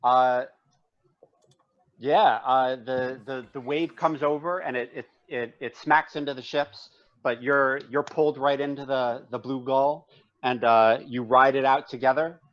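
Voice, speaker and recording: A man runs a tabletop game, narrating scenes in a halting, searching way. His voice sits at an ordinary pitch. The recording sounds a little dull and lo-fi. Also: fairly even intonation. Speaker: game master.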